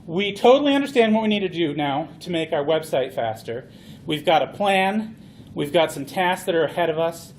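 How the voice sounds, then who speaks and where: A man gives a playful, animated conference talk. His voice sits high for a man, and he tells his points like a story. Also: moderate pace, a little hiss or hum. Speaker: conference speaker.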